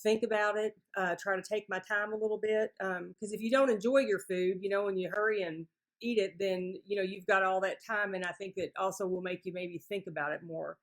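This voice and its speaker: An energetic woman gives an encouraging, faith-filled talk to a support group. She speaks over a video call with quick, upbeat warmth. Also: mid-range voice. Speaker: guest speaker.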